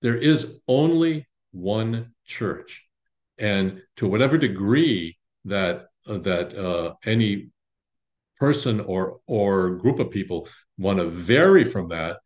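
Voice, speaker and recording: A man, a priest of an Orthodox parish, teaching his congregation in an informal, halting way with frequent restarts. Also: sits low, expressive. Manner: halting, many restarts and fillers, conversational.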